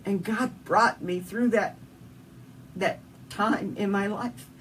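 Speaking slowly in a mid-range voice, a Southern US woman recounts a heartfelt, emotional story from her own life while being interviewed as a guest. Faint background noise comes through the distant microphone.

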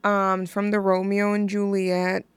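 A woman's voice: mid-range voice, completely flat delivery, a little slow, clear, resonant tone, no echo. A young woman hosting a music radio show, chatting casually in a giggly, rambling way that keeps interrupting itself. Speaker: radio host. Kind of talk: casual chat.

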